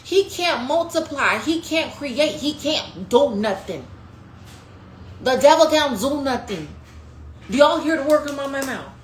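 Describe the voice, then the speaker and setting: A woman with a fairly high voice preaches a prophetic teaching in a lively, conversational way, leaning in and then rising to a shout. She talks to listeners as "baby" and "y'all". The room is echoey, with a faint hiss behind her. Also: a little slow. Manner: passionate, conversational preaching with sudden rises and drops. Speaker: podcast host and preacher.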